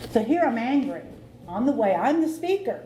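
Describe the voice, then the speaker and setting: Middle-aged woman, recovery meeting testimony, candid storyteller, mellow tone, echoey meeting room. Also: on the high side, sing-song, normal speed, slight background noise. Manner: candid, storytelling, laughs at herself. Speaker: AA meeting speaker.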